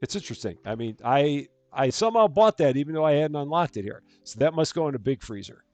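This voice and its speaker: A man's voice: fairly high pitch, expressive, fast, a little mellow, no room sound, soft background music. A man hosting a live stream of a store-running game, chatting casually, reading out jokes and greeting chat viewers. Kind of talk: casual gameplay commentary.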